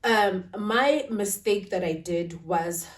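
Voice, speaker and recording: A woman's voice: medium pitch, slow. A woman talking to camera about family life in a confiding, emotional way, often asking "right?" and speaking. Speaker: vlogger. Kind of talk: casual talk to camera. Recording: roomy, slightly distant.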